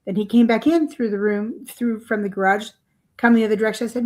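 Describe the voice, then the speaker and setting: Fast and a little high, with a darkish tone and fairly even intonation, an older woman author relates her story during a podcast interview. She rambles in a chatty way, using lots of fillers and small laughs.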